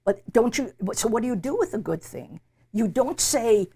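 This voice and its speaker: A woman's voice: on the high side, animated, normal speed, dark tone, breathy edge. An older woman being interviewed, speaking emphatically and reflectively and often repeating words as she searches for a phrase. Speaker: interviewee, literature professor. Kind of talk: reflective conversation.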